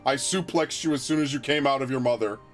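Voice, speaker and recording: A man voicing a boastful doting father who talks in a slow, grandiose, mock-sentimental way. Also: mid-range voice, faint music behind, close to an everyday voice.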